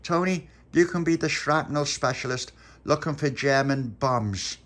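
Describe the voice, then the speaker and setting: A man's voice: on the high side, a little slow, fairly bright tone, voice pushed up. A man voicing an eager, bossy little boy who stumbles over his words as he leads his friends' game.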